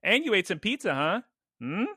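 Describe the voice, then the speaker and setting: Casting: male podcast co-host, bright forceful tone, jokey and animated, dry close mic. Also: high-pitched, breathy edge, dry recording. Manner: animated, jokey, quick asides. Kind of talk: casual chat.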